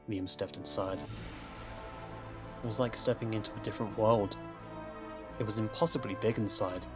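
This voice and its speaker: A man narrating a story in a steady storytelling delivery. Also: lowish voice. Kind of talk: scripted narration.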